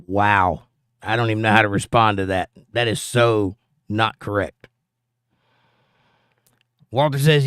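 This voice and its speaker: A man's voice: fairly low pitch, measured pace, pauses often, fairly bright tone, dry recording, clean studio sound. A man hosting a casual livestream, reading viewers' chat comments aloud and arguing back at them.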